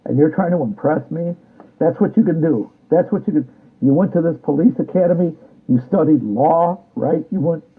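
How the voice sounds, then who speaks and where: A man's voice: on the high side, breathy edge. A man delivering a combative, repetitive political rant, often ending his sentences with a challenging "all right?". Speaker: political commentator. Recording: tinny phone-like sound.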